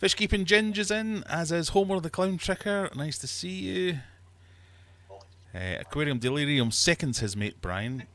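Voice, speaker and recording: A man's voice: a little high, animated, moderate pace, a bit bright. A man from Scotland hosting a casual livestream, chatty and jokey as he reads out viewer comments. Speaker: livestream host.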